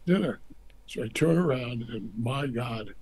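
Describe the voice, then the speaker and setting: A man's voice: mid-range voice, unhurried, slightly rough, poor audio. An older American man, a former ambassador, telling anecdotes in an interview and acting out the people he quotes. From United States. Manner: animated storyteller acting out quotes.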